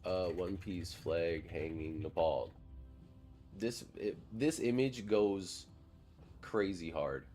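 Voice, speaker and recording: This is a low, warm male voice at a slow pace, with soft music in the background. He's a young guy from near Madison, Wisconsin, gaming on a live stream and chatting with viewers in a rambling, profane way full of "like."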